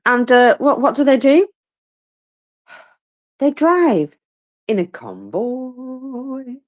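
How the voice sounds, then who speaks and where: A tired, yawning woman gives casual live commentary on a war, chatty and informal, with many fillers and wry, self-mocking asides. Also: a little high.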